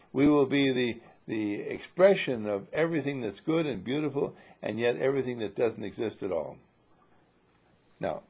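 A man giving an unhurried, reflective spiritual talk as a teacher, posing rhetorical questions to his listeners. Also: mid-range voice, vocal fry, darkish tone, breathy edge, highs cut off.

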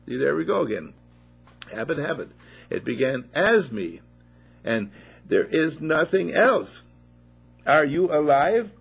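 A man giving an informal spiritual talk to a small group at a monastery, animated and playful, full of rhetorical questions. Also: a little high, unhurried, creaky, long pauses, slightly rough. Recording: dull lo-fi recording.

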